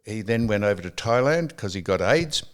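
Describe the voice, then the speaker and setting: An older Australian man hosting a podcast, chatting casually and telling a story with halting restarts. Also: lowish voice, animated, smooth. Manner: halting, many restarts and fillers. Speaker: podcast host. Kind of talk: casual chat.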